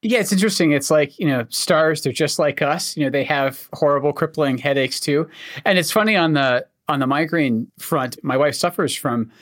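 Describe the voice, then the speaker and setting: A man from Scotland with a mild Scottish accent, an oncologist co-hosting a casual podcast, explaining things in a measured way with dry humor. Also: fairly high pitch, a bit bright. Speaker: co-host, oncologist.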